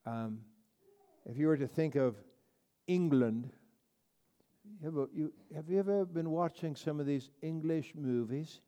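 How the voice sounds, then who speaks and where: A man's voice: mid-range voice, unhurried, dark tone. A man teaching a Bible study as a pastor, in a chatty, emphatic way with frequent restarts and asides. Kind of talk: conversational Bible study lecture.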